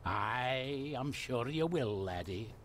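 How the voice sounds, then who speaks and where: A man with a Scottish accent playing a gruff, secretive gardener who clings to the old ways, speaking slowly and guardedly. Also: mid-range voice, animated, fairly bright tone, slight background noise, full character voice. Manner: slow, guarded, dialect-heavy. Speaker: game character.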